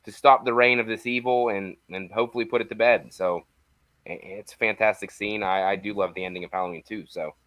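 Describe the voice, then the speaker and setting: A man's voice: fairly low pitch, steady tone, fairly quick, fairly bright tone, no echo. A man talking as a podcast guest in casual chat, easygoing and enthusiastic.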